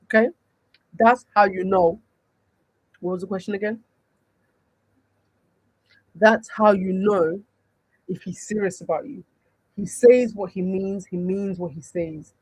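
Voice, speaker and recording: A woman's voice: medium pitch, steady tone, measured pace, pauses often, a little mellow, slightly rough, dry recording, poor audio. A woman with a Nigerian accent, a dating coach answering chat questions on a livestream, emphatic and full of rhetorical questions.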